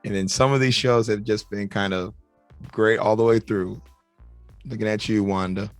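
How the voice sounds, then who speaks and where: A man's voice: fairly low pitch, fairly even intonation, normal speed, no echo, faint music behind. A man co-hosting a casual podcast, chiming in with easygoing remarks. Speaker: podcast co-host.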